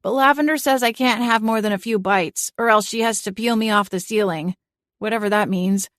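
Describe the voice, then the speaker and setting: A woman's voice: mid-range voice, a little fast, a bit bright, no room sound, clean studio sound, voice pushed up, lightly acted. A woman voicing a timid, childlike male animal familiar who rambles eagerly in a cozy audiobook.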